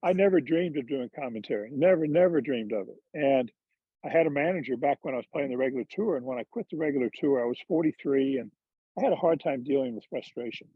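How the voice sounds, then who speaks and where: A former touring golfer turned TV commentator tells candid, self-deprecating stories in a casual interview. His medium-pitched voice is husky and fast, and the recording is dry, dull and lo-fi with no echo.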